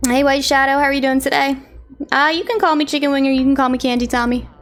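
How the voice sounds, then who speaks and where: A woman's voice: sits high, level tone, quick pace. A woman streamer chatting casually with her viewers and greeting them by name. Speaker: live streamer.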